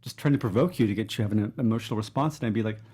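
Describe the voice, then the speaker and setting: Male guest from Texas, faint Southern accent, quick husky delivery, animated storyteller. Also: fairly low pitch. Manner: fast, animated storytelling with acted asides. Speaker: guest, actor and writer. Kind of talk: casual conversational interview.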